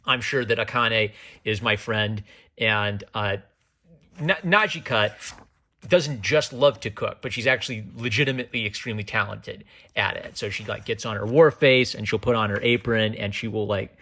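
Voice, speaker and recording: A man's voice: lowish voice, moderate pace, fairly bright tone. A man giving a casual, enthusiastic comic review, joking and wandering off on tangents as he talks. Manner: enthusiastic, digressive, jokey. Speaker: manga reviewer.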